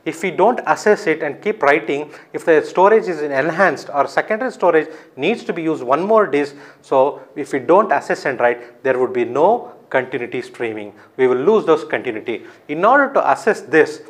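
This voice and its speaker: A man's voice: on the high side, animated, normal speed. A man giving a recorded lecture, explaining step by step, often asking his own questions and answering them.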